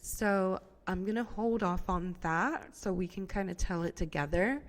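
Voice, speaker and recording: A woman's voice: mid-range voice, unhurried, in a large hall. A woman in her thirties hosting a podcast, talking casually and openly about her family, with many fillers and moments where she tears up. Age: 30s. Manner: emotional, tearful at times, many fillers. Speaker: podcast host. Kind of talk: personal casual monologue.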